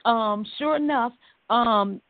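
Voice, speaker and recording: A woman from Los Angeles, a hairstylist guest telling her life story in an animated way on a radio show. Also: a little high, slow. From Los Angeles, California. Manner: animated storyteller acting out dialogue. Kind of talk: storytelling interview. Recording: tinny phone-like audio.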